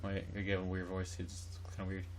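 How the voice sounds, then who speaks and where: A man giving casual, chatty commentary while playing a video game, relaxed and joking about the voices he reads. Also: deep voice, fast talker, a crowd in the background. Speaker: let's play host.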